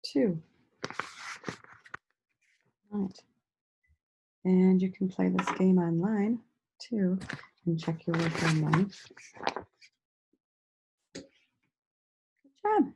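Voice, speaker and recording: A woman teacher giving a slow, sing-song lesson to young children, stretching out words and praising them often. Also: lowish voice, creaky, background noise. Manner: encouraging, drawn-out words with frequent praise.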